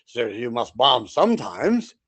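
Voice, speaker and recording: A man's voice: mid-range voice, sing-song, moderate pace, gravelly, a bit bright, husky, no room sound, exaggerated voice. A man voicing a pompous, condescending German ship captain with a German accent. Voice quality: pompous, probing.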